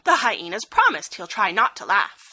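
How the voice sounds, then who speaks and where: A woman voicing a gawky, gentle giraffe in a storybook reading, soft and coaxing. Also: medium pitch, sing-song, normal speed, dry recording.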